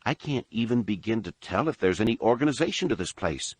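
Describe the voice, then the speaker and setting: A man voicing an earnest, eager teenage boy, pitching his voice up somewhat. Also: big pitch swings, a little fast, slightly rough, dry recording.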